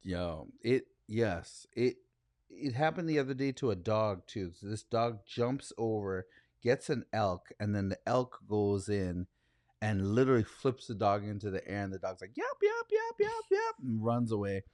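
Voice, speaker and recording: A man from Canada co-hosting a podcast, bantering in an expressive, playful, casual way. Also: on the low side, normal speed, no room sound, studio quality. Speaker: podcast co-host. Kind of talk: casual chat.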